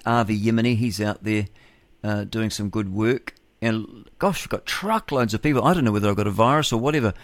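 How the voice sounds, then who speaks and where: A blunt, rambling male talk-radio host, chuckling to himself as he airs his opinions. His voice sits fairly low and sounds close and dry in a dead studio. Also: gravelly, dry recording. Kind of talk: opinionated solo radio monologue.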